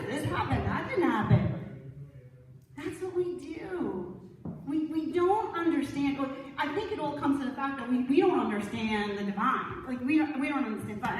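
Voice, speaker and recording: A woman minister giving an inspirational sermon, telling a story with laughter and checking in with her congregation. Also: high voice. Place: sanctuary with altar. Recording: echoey room, speaker far from mic.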